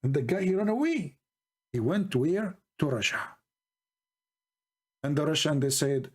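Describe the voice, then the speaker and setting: A man from the Middle East with a high voice for a man, hosting a heated debate. He mocks his opponent, jumps into folk stories and speaks animated, broken English. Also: measured pace, pauses often, breathy edge. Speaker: debate host. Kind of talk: argumentative debate talk.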